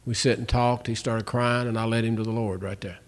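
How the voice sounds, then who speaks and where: A man's voice: medium pitch, little pitch movement, brisk. A man giving a spoken Christian testimony, telling stories with folksy grammar and acting out both sides of conversations. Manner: storytelling, acts out both sides of dialogues.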